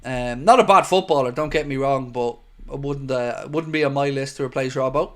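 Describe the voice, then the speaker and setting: Reading viewer comments aloud during his football watchalong, this man from Ireland speaks at a brisk clip with a medium-pitched voice. He's chatty and playful and calls everyone "mate."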